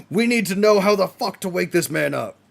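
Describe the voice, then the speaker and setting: A man streaming a live watch-along, reacting excitedly with frequent laughs and casual swearing. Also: high voice, moderate pace, creaky.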